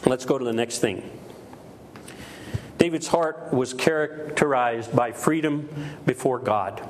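A man's voice: mid-range voice, a little slow, a little hiss or hum. A middle-aged man preaching a sermon with emphasis, repeating key phrases and acting out quoted voices. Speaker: pastor.

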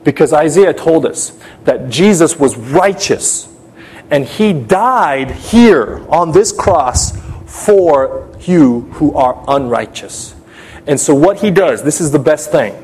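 A man's voice: on the high side, animated, slow pace, darkish tone, husky. A man preaching an urgent sermon, speaking straight to his listeners and telling a personal story with a lot of drama.

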